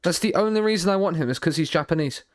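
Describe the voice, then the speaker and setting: A man streaming a football management game, thinking out loud in a rambling way, often repeating and restarting his words, with dry sarcastic asides. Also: fairly high pitch, quick pace, no room sound. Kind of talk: live stream commentary while playing a football manager game.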